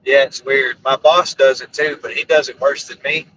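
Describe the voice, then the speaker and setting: Man, middle-aged, rambling live-stream chat, bright sharp tone, dull lo-fi sound. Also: mid-range voice, fairly even intonation, moderate pace, recorded from a distance. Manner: joking, goofy, self-mocking. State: voice giving out. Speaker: storm chaser streaming live. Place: inside a vehicle.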